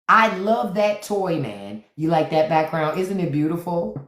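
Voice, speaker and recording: A woman hosting a casual livestream from home, telling playful stories with excited outbursts, speaking. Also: on the low side, moderate pace, echoey room. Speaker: livestream host.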